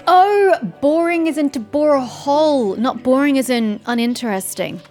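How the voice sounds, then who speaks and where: A woman's voice: fairly high pitch, big pitch swings, moderate pace, few pauses, darkish tone. A woman gamer with a sore throat, giving sarcastic, chatty commentary while she plays. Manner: sarcastic, chatty, teasing characters. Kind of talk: let's-play commentary. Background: faint game music.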